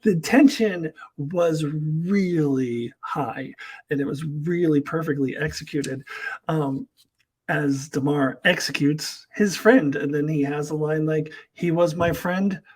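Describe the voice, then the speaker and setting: A man's voice: on the high side, takes it slowly, husky, low-quality recording. A man giving a rambling, casual spoken review of TV episodes, with frequent fillers and laughs.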